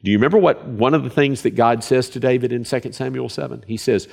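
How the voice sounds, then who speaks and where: A man's voice: mid-range voice, fast, vocal fry, hardly any pauses, darkish tone, breathy edge. A man preaching a sermon, earnest and emphatic, often repeating phrases for stress.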